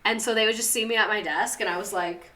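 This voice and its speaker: A young woman hosts a laid-back livestream, talking quickly in a sharp, mid-range voice with fairly even intonation. Chatty and rambling, she reads stories sent by viewers, responds to the chat, and peppers her talk with "like" and laughter.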